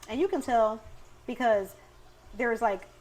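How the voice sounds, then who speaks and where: A female podcast co-host with a voice on the high side speaks unhurriedly in casual conversation. She animates her stories by acting out what people said.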